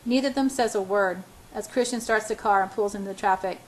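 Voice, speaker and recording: A woman's voice: medium pitch, fast, low-quality recording. A woman reading a first-person novel aloud, often stumbling and restarting words. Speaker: audiobook reader.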